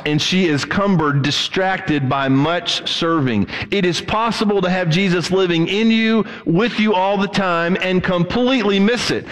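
A middle-aged man preaching a sermon as pastor, animated and acting out the voices he quotes. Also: high voice, big-room sound, rough recording.

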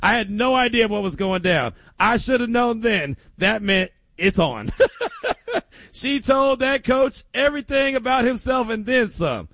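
A middle-aged man hosting a sports radio show, chatting casually and telling stories in an animated way. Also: extremely high pitch, unhurried, no room sound. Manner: animated storytelling with laughs.

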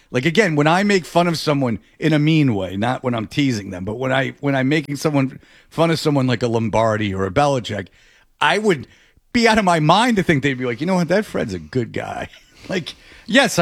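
A man's voice: mid-range voice, fairly quick. A man hosting a sports radio show, telling stories in casual on-air banter and jumping into other people's voices as he goes. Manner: animated storytelling, jumping into voices.

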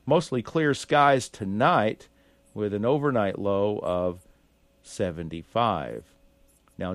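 A man hosting a local call-in radio show, folksy and a bit raspy from allergies, reading the weather with many fillers. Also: lowish voice, no echo.

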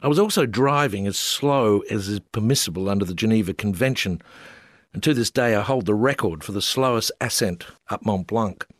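In a somewhat low voice, a wry Australian man narrates his own funny travel memoir with dry, self-deprecating humor. He moves briskly, and the close recording is dead and dry, lacking any room sound.

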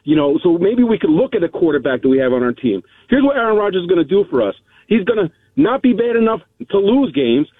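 A man's voice: high voice, big pitch swings, fast talker, slightly rough, no echo. A man calling in to a sports radio show, ranting in a fed-up way. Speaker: caller. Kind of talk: fan rant on a call-in show. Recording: tinny phone line.

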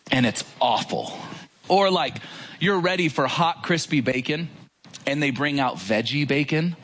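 Animated casual male preacher. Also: medium pitch, a little hiss or hum. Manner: animated, conversational preaching with rhetorical questions. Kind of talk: casual sermon to a congregation.

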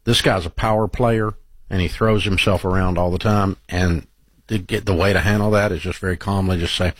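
A man hosting a call-in advice show, blunt and emphatic, dropping low and slow when he lays down firm advice. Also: steady tone, slightly rough, no echo. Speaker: radio call-in show host. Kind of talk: advice talk show and read ad.

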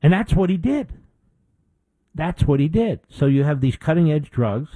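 A man's voice: fairly high pitch, animated, normal speed, dark tone, dry recording, poor audio. A middle-aged man hosting a political talk show, delivering an indignant opinion monologue with emphatic repetition.

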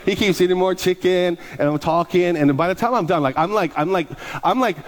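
A middle-aged male pastor with a high-pitched voice preaches fairly quickly. His sermon is full of stories, and he animatedly acts out the voices of the people in them.

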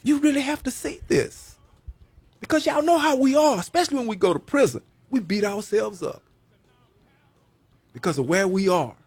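Man, preacher, sermon, gravelly, lively swings, dry close sound. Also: high-pitched, moderate pace, pauses often, no echo. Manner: Southern-style preaching, folksy, repeats phrases, rising and falling emphasis. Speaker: preacher, former prisoner.

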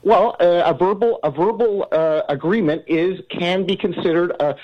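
A man's voice: high voice, moderate pace. A man calling in to a sports radio show, hesitant and filling his sentences with uh's. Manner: hesitant, heavy on uh fillers. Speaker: caller. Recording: muffled phone-in line.

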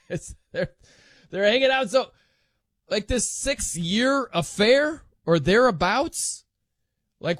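A male sports talk host rambles through the news in a loose, jokey way, his pitch leaping around. His voice sits a bit high for a man. The sound is dry and close to the mic. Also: no room sound.

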